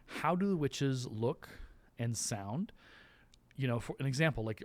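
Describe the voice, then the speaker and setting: A man explains stagecraft to his class in a loose, animated teacherly ramble. His voice sits at an average pitch, and he trips over words now and then and slips into playful voices. He sounds like he is talking in a classroom. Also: moderate pace.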